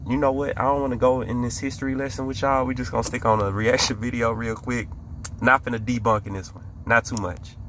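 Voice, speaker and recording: A man's voice: medium pitch, bright, forceful tone, slight background noise. An American man hosting a reaction video, asking one rhetorical question after another in casual slang. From United States. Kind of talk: reaction commentary.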